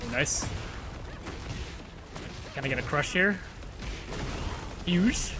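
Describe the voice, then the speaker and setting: A man telling a funny work story, then reacting loudly to a fighting game, laughing and swearing freely. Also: a little high, expressive, slow pace, pauses often, over music. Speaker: gaming YouTuber. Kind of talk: storytelling and live gameplay commentary.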